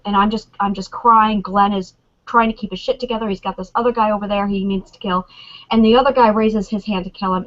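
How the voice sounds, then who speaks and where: A woman on a convention panel, chatting excitedly and acting out lines from scenes. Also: medium pitch, dull audio. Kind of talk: animated fan chat.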